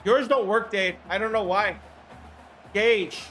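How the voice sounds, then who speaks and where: High-voiced hoarse male game streamer. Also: slow, soft background music. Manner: excitable, chatty, swears casually. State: hoarse throat. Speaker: livestream host. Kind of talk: casual play-by-play game commentary.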